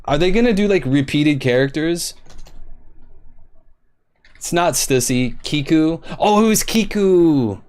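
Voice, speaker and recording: A man's voice: on the high side, animated, takes it slowly, long pauses, darkish tone, clear, resonant tone. A young man live-streaming, guessing quiz answers aloud, swearing in frustration and talking to his chat while typing.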